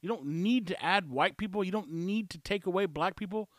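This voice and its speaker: A man's voice: sits high, a little fast, a bit bright, no echo, studio quality. A man hosting a podcast, giving blunt, sarcastic casual commentary on a clip he plays. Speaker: podcast host.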